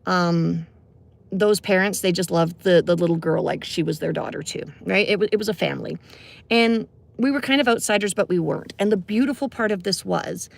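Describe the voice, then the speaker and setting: A woman's voice: fairly low pitch, brisk, creaky. A middle-aged woman, a music teacher telling a personal story in a casual, conversational way, full of fillers and asides. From Canada.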